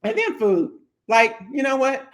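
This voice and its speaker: A woman's voice: high voice, very animated, unhurried. A woman from Louisville, a real estate agent giving upbeat, chatty advice to people moving to her city. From Louisville, Kentucky. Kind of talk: casual advice vlog.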